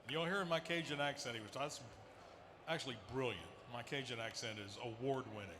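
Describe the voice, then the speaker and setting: A man's voice: medium pitch, a little fast, background noise. A man hosting a festival cooking stage, with joking, upbeat patter to the crowd. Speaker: stage emcee. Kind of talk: event hosting.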